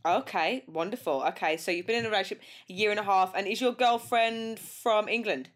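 A woman's voice: medium pitch, a little fast. A woman hosting an interview show, chatting casually and teasing her guest playfully. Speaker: podcast host.

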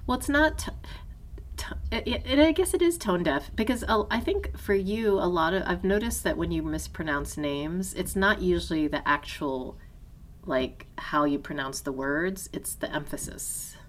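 A woman's voice: on the low side, expressive, normal speed. A woman co-hosting a podcast in casual conversation, thoughtful and hesitant, restarting sentences and laughing often. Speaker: podcast co-host.

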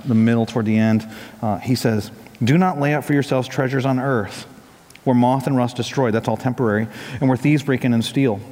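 Conversational male pastor in a reverberant hall. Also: mid-range voice. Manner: storytelling, conversational, builds to emphatic peaks. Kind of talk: sermon. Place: church sanctuary. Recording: long reverb of a large hall.

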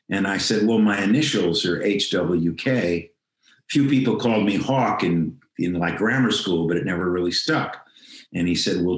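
A man's voice: low voice, echoey room, rough recording. An older man telling a personal story as an interview guest, reflective, acting out the lines of people he quotes. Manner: reflective, acts out quoted dialogue. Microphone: video call.

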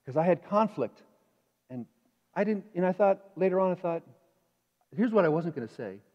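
A male pastor preaching a sermon in a conversational, animated way, asking the congregation questions. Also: high voice, normal speed. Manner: animated, acts out inner voices. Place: church sanctuary. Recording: dull reverberant church hall.

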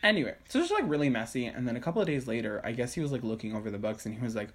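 A man's voice: medium pitch, very fast. Casual young man telling a story. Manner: animated storyteller, swears, acts out quotes. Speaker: podcast co-host. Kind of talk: casual chat. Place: his own room at home.

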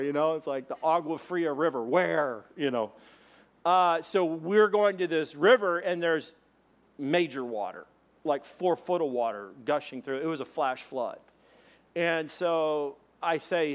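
A man preaching a sermon, telling a funny story and acting out shouted voices. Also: fairly high pitch, a little slow. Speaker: pastor.

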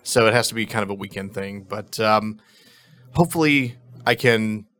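A man's voice: on the low side, normal speed, a bit bright. A man on a podcast talking in a hesitant, self-deprecating way, with frequent restarts. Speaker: podcast regular. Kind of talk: casual podcast chat.

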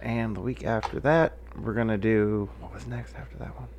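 Man, low voice, podcast co-host, laid-back, short replies. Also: steady tone, normal speed, a little mellow, highs cut off, slight background noise. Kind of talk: casual chat.

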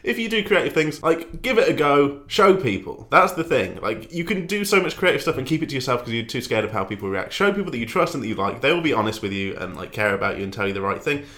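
A man's voice: medium pitch, big pitch swings, fast talker, few pauses, a bit bright. A young man co-hosting a podcast, giving earnest, hesitant advice with lots of fillers. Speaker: podcast co-host. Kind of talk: casual chat.

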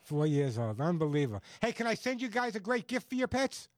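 A man hosting a call-in pet radio show, chatting in an animated, folksy way. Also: high-pitched, fairly quick, no echo.

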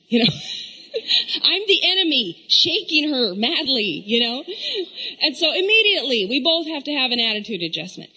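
A middle-aged woman telling funny stories about her mornings as a mother to an audience of mothers, chatty and animated and full of "you know.". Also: high voice, husky, big-room sound, rough recording. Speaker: speaker addressing mothers. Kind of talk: humorous personal storytelling.

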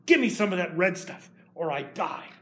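A brash, hungry hunter son bursting in loudly, as a man puts him on. His voice is pushed up high and eager. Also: expressive, normal speed. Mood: demanding.

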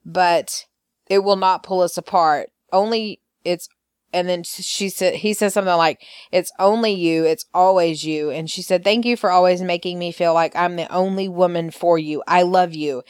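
A woman's voice: lowish voice, steady tone, moderate pace, smooth, no echo, clean studio sound. A woman hosting a podcast, recapping soap opera scenes in a chatty way, full of fillers and quoted lines. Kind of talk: casual recap chat.

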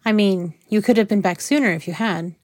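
A woman's voice: medium pitch, fairly quick, darkish tone, no room sound, clean studio sound, natural voice. A woman reading the part of a friendly, teasing young shop woman who speaks politely and playfully.

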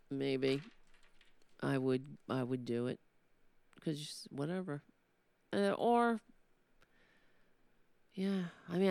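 A woman's voice: deep voice, clear, resonant tone, no echo. A woman hosting a political commentary show with a New York accent, talking in a sardonic monologue that builds into impassioned ranting.

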